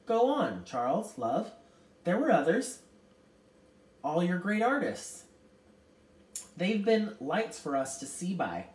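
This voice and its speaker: A woman voicing a kindly, motherly old celestial being who comforts children, speaking gently. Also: fairly low pitch, big pitch swings, slow, long pauses, voice pushed up. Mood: encouraging. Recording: roomy, distant mic.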